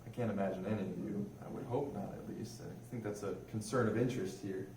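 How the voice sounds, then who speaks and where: A man's voice: on the low side, fast, dark tone. Chatty young airman talking in a roomy hall. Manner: chatty, asks the audience questions. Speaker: religious affairs airman giving a talk. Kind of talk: informal history talk to a museum audience. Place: museum room. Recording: roomy hall, distant mic, faint noise.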